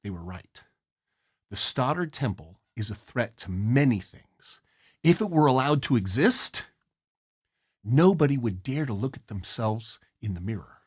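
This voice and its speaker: A man presents a study guide in an earnest, emphatic way. His slightly husky voice swings widely in pitch and jumps high on the words he wants to stress. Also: lively intonation, a little slow, darkish tone. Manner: earnest, emphatic, rises sharply on key phrases. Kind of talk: explaining a novel's scene and song lyrics.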